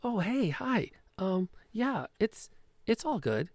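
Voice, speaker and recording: A game master doing a jittery young woman thief whose voice jumps up high and bright. She stammers and chirps through a cover story, cheerful on the surface and nervous underneath. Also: sing-song, takes it slowly, dry recording.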